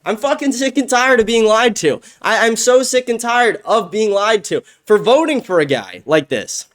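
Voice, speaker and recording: Angry high-voiced man ranting. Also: animated, normal speed, a bit bright. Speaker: show host. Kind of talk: political commentary rant.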